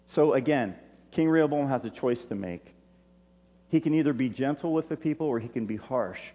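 A man giving a sermon as a pastor, in a relaxed, conversational way with asides to his listeners. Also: mid-range voice, normal speed. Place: church stage. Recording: long reverb of a large hall.

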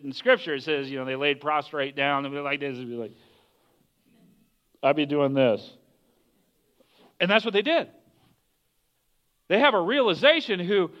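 A man's voice: high-pitched, dull audio. A man preaching a conversational sermon, often asking the listeners questions. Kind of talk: casual sermon.

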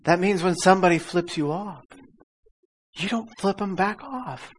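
A man's voice: high-pitched, normal speed, slight background noise. A man preaching a casual sermon, calling out for amens and audience repeats, laughing as he tells stories. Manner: laughs often while telling stories. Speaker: pastor. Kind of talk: conversational sermon.

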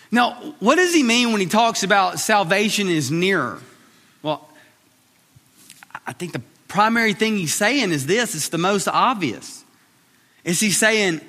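A man's voice: sits high, lively intonation, measured pace, pushed and bright. A man in his thirties preaching a sermon in a conversational way, repeating short phrases for emphasis. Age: 30s. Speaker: pastor. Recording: reverberant hall.

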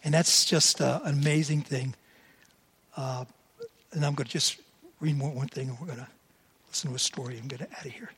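A man's voice: mid-range voice, steady tone, a little fast, pauses often, a bit bright, husky. A man in his seventies preaching a sermon, telling stories in a conversational way and acting out quoted lines. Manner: conversational storytelling, voices quotes animatedly.

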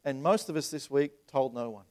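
A man's voice: mid-range voice, moderate pace, darkish tone. A man preaching a sermon as a pastor, asking the room rhetorical questions and stumbling over repeated words. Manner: acts out voices in retold scenes.

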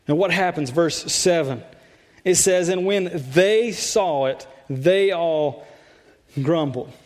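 A man with a high-pitched voice preaches a sermon to his congregation. His delivery is conversational and loose, with repeated words and frequent "like". He sounds like a pastor talking straight to the people in the room. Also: takes it slowly, a little mellow. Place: church sanctuary.

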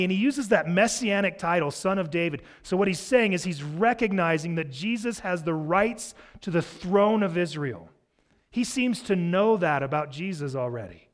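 A man's voice: high voice, lively intonation, normal speed. A man preaching a sermon, explaining a scripture passage in a conversational way. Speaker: pastor.

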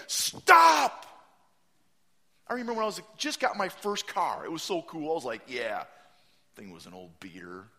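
Preaching with energy, this high-pitched pastor animates his stories, performs the quotes, and climbs to a shout to drive points home.

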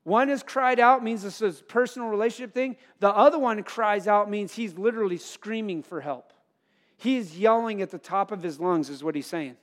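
A man with a high voice preaches a sermon, swinging between emphatic, near-shouted points and hushed asides. His voice rings out in a church hall with a long, trailing reverb. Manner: preaching with emphatic rises and soft drops. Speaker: pastor.

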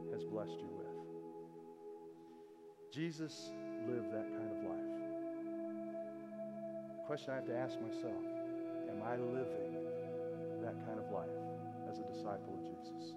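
A man's voice: fairly low pitch, unhurried, pauses often, over loud music. Preaching man in a reverberant hall. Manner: conversational, frequent "okay?" check-ins. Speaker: pastor. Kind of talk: sermon. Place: church sanctuary.

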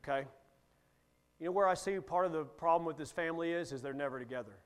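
A man's voice: a little high, quick pace, smooth. A middle-aged male guest preacher delivering a sermon in a folksy, joking manner.

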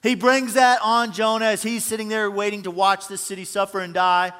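A pastor with a fairly high, clear, resonant voice gives a lively, joking sermon in a church auditorium, speaking fairly quickly. He tells the story animatedly, his volume rising and falling, while a large hall's long reverb trails each line.

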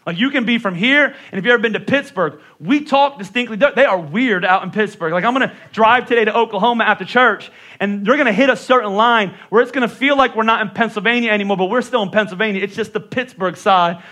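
A middle-aged pastor with a Northeastern US accent preaches a sermon in a casual, conversational way, joking and doing playful voice impressions. His high voice is pushed and bright, delivered at a quick pace.

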